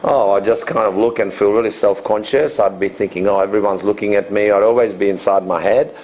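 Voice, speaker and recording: A man in his fifties with a low, gravelly, husky voice talks as a dating coach in an interview. His answers ramble loosely, with frequent restarts and fillers. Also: steady tone, fairly quick, darkish tone, low-quality recording. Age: 50s. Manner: loose, rambling, full of "you know" and restarts.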